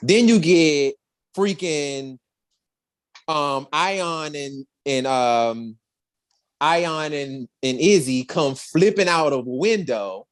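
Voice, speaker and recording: A woman with a low voice and lively intonation speaks slowly while co-hosting a podcast that reviews a show. In casual chat she retells scenes animatedly, acting out lines in exaggerated voices.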